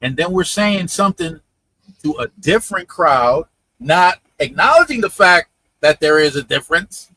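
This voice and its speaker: A man hosting a casual live stream, chatting with viewers in an animated way, laughing often and repeating his words. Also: fairly high pitch, moderate pace, dry recording. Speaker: livestream host.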